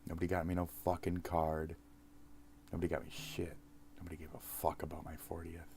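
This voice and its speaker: A man's voice: low voice, monotone, a little fast, a little mellow, slight background noise. A man in his forties, a streamer, rambling through a profane, self-mocking sign-off to his viewers. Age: 40s.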